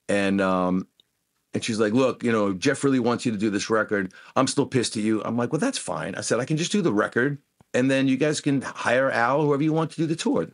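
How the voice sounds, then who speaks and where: A man being interviewed as a guest guitarist, telling animated anecdotes and acting out what people said. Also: mid-range voice. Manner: animated anecdotes, acts out quoted voices. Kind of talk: casual interview storytelling.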